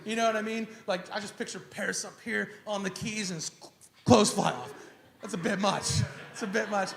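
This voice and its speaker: A man preaching a sermon as a pastor, in a casual, slangy and animated way. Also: high voice. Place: church sanctuary. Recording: echoey church hall.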